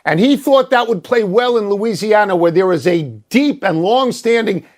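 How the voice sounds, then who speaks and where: A man's voice: high voice, moderate pace, a little hiss or hum. An older man co-hosting a sports talk show, arguing his points bluntly and emphatically, with a self-mocking streak. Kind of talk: sports debate.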